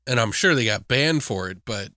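Man podcast co-host, ranting and swearing, bright tense voice. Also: medium pitch, moderate pace, no room sound, clean studio sound. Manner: animated, profane, ranting. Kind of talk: casual chat.

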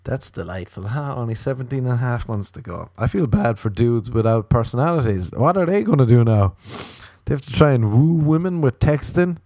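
Rambling Irish comedian, dry close sound. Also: male voice, brisk, no room sound. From Ireland. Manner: rambling, animated, swings into squealing high voices for emphasis. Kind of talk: comic storytelling monologue.

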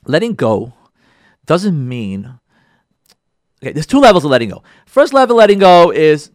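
Animated rabbi a lively, expressive voice. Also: male voice, on the high side, normal speed, no room sound, clean studio sound. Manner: animated, repeats phrases for emphasis, acts out listeners' voices. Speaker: rabbi, show host. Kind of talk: lively Torah talk addressed to listeners.

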